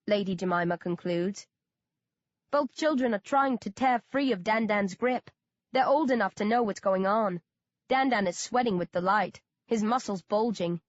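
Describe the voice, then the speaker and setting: A woman narrating an audiobook in the first person with a steady, measured reading. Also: mid-range voice, no room sound, muffled recording.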